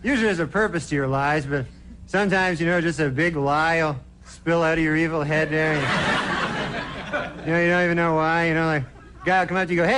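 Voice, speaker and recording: A man with a rather high voice delivers a stand-up routine in a deadpan, rambling way, leaning on "you know" as he goes. The sound is an old TV broadcast with clear noise under it. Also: brisk. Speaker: stand-up comedian. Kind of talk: stand-up monologue. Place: late-night TV studio stage. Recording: noisy 1990 TV broadcast audio.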